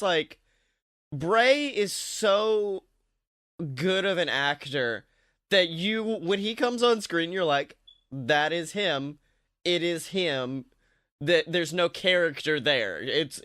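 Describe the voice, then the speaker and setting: A man's voice: on the high side, pushed and bright, no room sound, studio quality. A man hosting a podcast in casual, joking chat, telling stories with animation. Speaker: podcast host.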